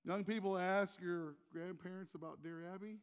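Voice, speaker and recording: Older male pastor, high voice, church reverb. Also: steady tone, moderate pace, clear, resonant tone, highs cut off. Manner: conversational, rhetorical questions, repeats key phrases. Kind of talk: sermon. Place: church sanctuary.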